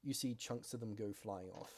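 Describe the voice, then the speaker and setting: A man narrating as game master, giving relaxed, matter-of-fact rulings with soft fillers. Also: fairly low pitch, normal speed, a little hiss or hum. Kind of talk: narrating a tabletop game over a call.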